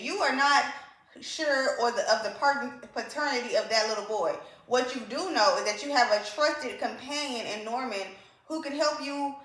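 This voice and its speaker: Opinionated lady doing a book review, kinda high voice, echoey room. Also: fairly bright tone. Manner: emphatic and opinionated, repeats for effect. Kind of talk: casual video book review.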